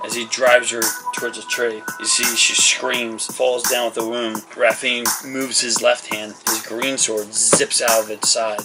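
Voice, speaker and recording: A man's voice: mid-range voice, flat delivery, measured pace, hardly any pauses, low-quality recording. A man narrating a tabletop game as game master, rambling with lots of fillers as he describes the action. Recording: loud background music.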